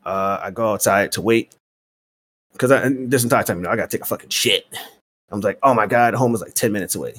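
There's slight background noise as a man with a fairly low voice rattles off a long story on his podcast. Swearing freely, he performs both sides of the conversations with animated energy.

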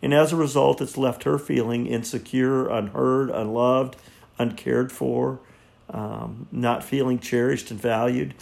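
An older man in his sixties talks as a counselor sharing his perspective, earnest and halting, often repeating words as he thinks. His voice has a gravelly edge and sits at an ordinary pitch. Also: steady tone, darkish tone. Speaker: marriage counselor. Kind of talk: reflective teaching monologue.

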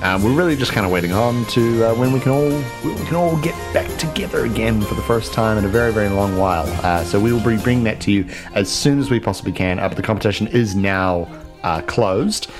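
A man's voice: on the low side, fast. A man hosting a podcast outro in a casual, rambling way with many fillers. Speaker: podcast host. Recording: clear music bed behind.

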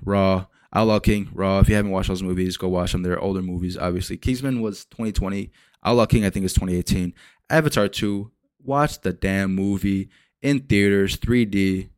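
A young man hosting a solo podcast, rambling and swearing as he retells movie scenes with lively energy. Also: low voice, dry recording. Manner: rambling, profane, animated retellings. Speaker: podcast host. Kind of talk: casual solo podcast rant.

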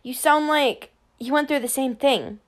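A woman's voice: sits high, unhurried. A woman voicing a frustrated twelve-year-old boy who sounds whiny and indignant in an audiobook. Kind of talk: audiobook character voice.

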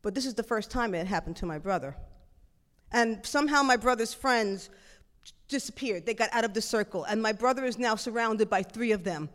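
A middle-aged woman telling a personal story in a lively, animated way, jumping into acted-out dialogue. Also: fairly high pitch, fairly quick, big-room sound.

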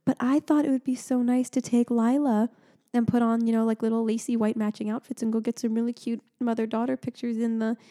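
A young adult woman co-hosting a podcast in casual chat, talking in an animated way, laughing often and sounding sleep-deprived. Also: a little high. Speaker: podcast co-host.

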